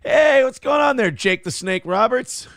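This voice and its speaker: A man's voice: very high voice, lively intonation, a little slow, creaky, fairly bright tone, no echo, studio quality. A male show host giving crude, mocking casual commentary on video clips and laughing often.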